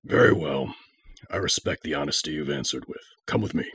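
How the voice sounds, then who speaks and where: A man's voice: rumbling low, animated, fairly quick, fairly bright tone, husky, no room sound, heavily acted. A man voicing a regal male general who speaks in a potent, stoic, dry manner.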